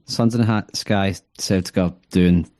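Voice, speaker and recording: Very deep-voiced wry podcast guest. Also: male voice, steady tone, unhurried, a little mellow, no echo, clean studio sound. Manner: wry, laid-back, joking. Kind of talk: casual podcast chat.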